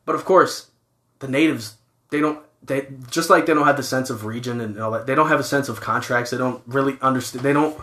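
A man's voice: medium pitch, fairly quick, pushed and bright, roomy sound. A man co-hosting a casual chat, telling rambling, profane stories.

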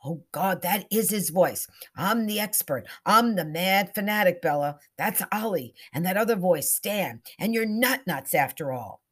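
A woman's voice: fairly low pitch, animated, unhurried, few pauses, fairly bright tone. A woman voicing a big, plump older woman, a cynical film buff, in a storybook reading. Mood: awed.

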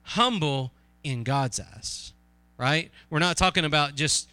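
A man preaching a sermon in an earnest, conversational way, asking his listeners questions and reading scripture slowly and with emphasis. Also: on the high side, sharp tone, smooth, no echo.

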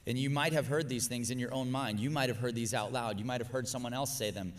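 A middle-aged man preaching a sermon, animated, acting out exasperated rants in a high, strained voice. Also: fast, big-room sound, a little hiss or hum.

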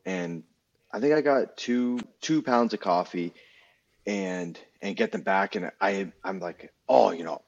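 Young man, deep and husky, casual storyteller; dull lo-fi recording. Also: lively intonation, takes it slowly. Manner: rambling storyteller, frequent restarts and swearing. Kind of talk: casual chat. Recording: dull lo-fi sound.

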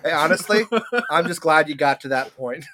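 A podcast co-host in casual chat who tells stories in an animated way and laughs often. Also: medium pitch, normal speed.

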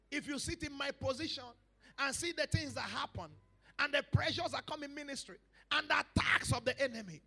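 A male pastor preaching a sermon to a church congregation, dropping to hushed lines and rising to loud shouted calls, repeating phrases for emphasis. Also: very high voice, gravelly. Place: church service.

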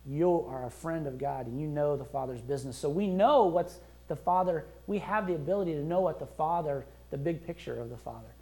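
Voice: mid-range voice, fairly quick, hardly any pauses, mellow. A pastor preaching a sermon in a conversational, emphatic way, acting out prayers and quotes as he goes. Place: church.

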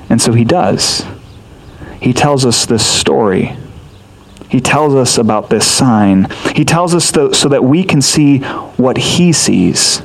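A man's voice: medium pitch, expressive, slow pace, creaky, poor audio. A man preaching a sermon, explaining a scripture passage in an earnest, teaching way with rhetorical questions. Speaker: pastor.

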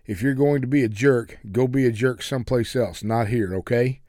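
A man's voice: moderate pace, no echo, studio quality, natural voice. A man putting on a furious spoiled young woman. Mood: enraged. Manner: shrill, insulting, yelling.

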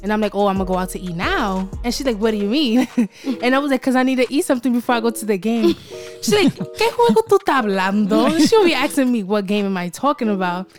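A teenage girl with a fairly high voice tells animated stories in casual podcast chat, slipping into Spanish when she quotes her mother. Soft music plays underneath. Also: fast talker, hardly any pauses. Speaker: podcast co-host.

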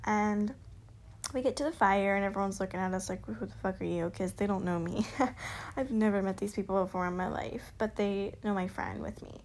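Young woman vlogger, mid pitch, bubbly, profane, giggly. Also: fairly even intonation, moderate pace, a little mellow. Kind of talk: casual storytelling.

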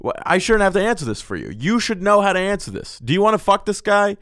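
A young man hosts a comedy podcast, reading out listener emails and ranting crude, profanity-laden advice. His voice sits a little high for a man. The sound is dry and close to the mic. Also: fast, no echo. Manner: profane, blunt, excitable, reads listener emails aloud. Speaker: podcast host answering listener questions.

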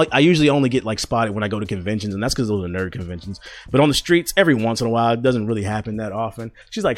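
A young man with a fairly low voice tells stories on his podcast in a loose, slangy way, swearing freely and filling gaps with "uh" and "like". He sits close to the mic and the sound is dry, with faint music under him. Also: no room sound. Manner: loose, profane and slangy, with many fillers. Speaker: podcast host. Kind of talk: casual storytelling chat.

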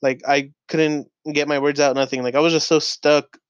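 A man's voice: on the high side, flat delivery, moderate pace, clear, resonant tone, dry recording. A young man hosting his own podcast, telling a rambling casual story full of "like" fillers and swearing. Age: young adult. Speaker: podcast host. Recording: dull, lo-fi dry recording.

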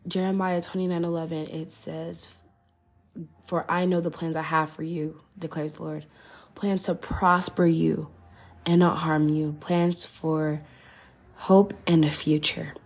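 A young woman hosts a faith podcast in an earnest, heartfelt monologue, calling her listeners y'all and guys. Her voice is low, gravelly and husky, and stays flat in pitch. She sounds close to tears. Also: a little slow. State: holding back tears. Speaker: podcast host.

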